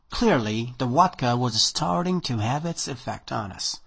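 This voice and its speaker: A man narrating a short story in an audiobook reading, with expressive storytelling and a dry, measured delivery. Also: medium pitch, vocal fry, husky.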